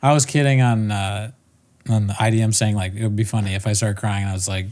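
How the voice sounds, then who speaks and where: A man's voice: fairly low pitch, steady tone, fast talker, darkish tone. Laughing, profane podcast co-host man. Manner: rambling, profane, laughs often. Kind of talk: casual chat.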